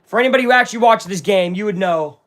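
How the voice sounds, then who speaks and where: A man hosting a casual live watch-along of a football game, excitable and swinging between hype and grumbling. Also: high-pitched, very fast. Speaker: live-stream sports watch-along host.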